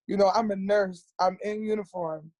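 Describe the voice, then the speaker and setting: A woman's voice: mid-range voice, fairly even intonation, normal speed, darkish tone, no echo. A woman, a nurse, talking as a podcast guest in a candid, earnest way and repeating words for emphasis. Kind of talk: candid personal storytelling.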